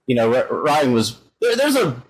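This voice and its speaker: A man's voice: medium pitch, wildly swooping pitch, normal speed, breathy edge, low-quality recording. A man who is a guest musician, rambling through stories with lots of "like" and "you know.". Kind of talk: casual interview chat.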